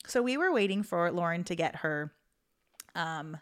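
A woman's voice: on the low side, animated, moderate pace. A woman co-hosting a podcast, telling a story in casual, rambling chat full of fillers and laughter. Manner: chatty, filler-heavy, laughs through her story. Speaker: podcast co-host.

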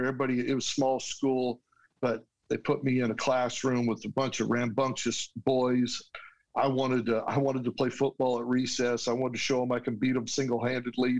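A man's voice: mid-range voice, rough recording. A man, a guest, telling a personal story in an earnest, heartfelt way with restarts. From United States.

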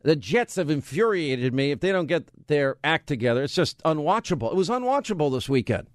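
On a conservative talk radio show, a male host fires off rhetorical questions and banters with his studio crew in a monologue. His voice sits on the high side and is very animated and brisk, caught dry on a studio mic.

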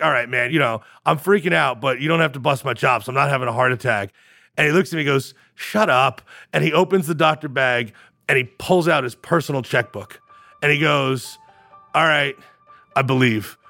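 A man's voice: mid-range voice, a little fast, gravelly, no echo, clean studio sound, soft background music. A man, a startup founder, telling his story in a casual interview with stumbling restarts and acted-out quotes. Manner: animated, acts out quoted voices, stumbling restarts.

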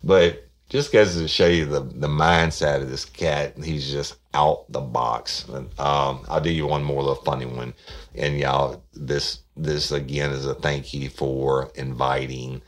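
A man's voice: extremely low pitch, steady tone, unhurried. A man hosting a podcast, rambling and folksy in a casual thank-you monologue. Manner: rambling and folksy, frequent restarts. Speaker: podcast host.

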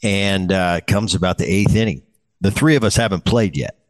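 Man, 50s, low voice, podcast host, rambling storyteller, casual chat. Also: moderate pace. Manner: rambling, repeats words, frequent fillers. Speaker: podcast host, former ballplayer.

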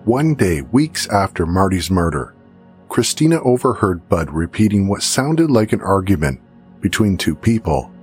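A man giving scripted true-crime narration in a measured way. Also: low voice, very animated, darkish tone, faint music behind.

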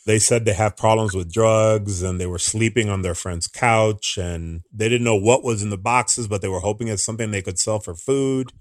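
A man telling his own story in an interview, earnest and halting, often restarting his sentences. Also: on the low side, fairly even intonation, no echo, studio quality. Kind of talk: personal account in an interview.

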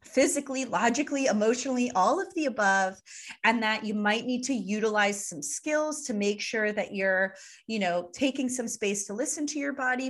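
A woman co-hosting a podcast, explaining eating habits through lively, playful analogies in a casual chat. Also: mid-range voice. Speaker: podcast co-host, nutrition expert.

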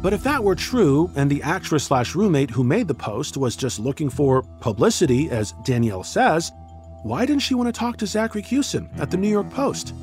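A man's voice: fairly high pitch, big pitch swings, moderate pace, darkish tone, soft background music. A man hosting a podcast, narrating in a scripted style with wry, sardonic asides.

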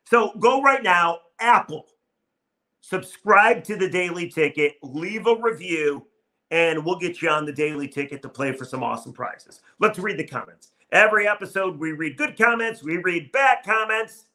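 Bright-voiced wry male sports podcaster. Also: high voice, normal speed. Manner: wry, self-mocking, animated. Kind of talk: solo podcast, reading listener comments.

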